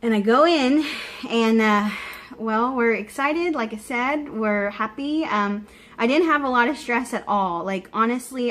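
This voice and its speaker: A woman recording a personal video diary update, talking openly and warmly straight to her viewers in a chatty, heartfelt way. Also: on the high side, a little slow. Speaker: vlogger.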